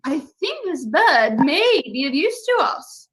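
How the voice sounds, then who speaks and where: A prim, pompous gentleman detective, played by a woman in a student stage play, fond of proper turns of phrase. The speech is unhurried and the pitch rides high and lively. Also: exaggerated voice, rough recording. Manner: prim, posh-sounding phrasing. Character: fussy, pompous male detective, prim and polite.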